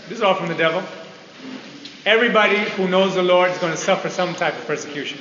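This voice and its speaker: A man's voice: sits high, fast talker, pushed and bright. A man preaching a sermon to an audience in a large hall, emphatic and repeating key phrases, on a dull lo-fi recording with faint hiss.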